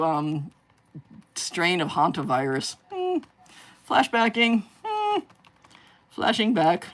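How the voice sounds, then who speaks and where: A woman hosting a live crafting stream, chatting casually and rambling, often gushing with delighted exclamations. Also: low-pitched. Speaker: craft livestream host.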